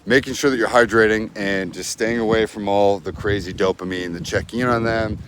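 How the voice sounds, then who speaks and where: A man's voice: fairly low pitch, fairly even intonation, a little fast, background noise. A man giving blunt, profane, emphatic breakup advice as a coach in a vlog. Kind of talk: direct-to-camera advice vlog.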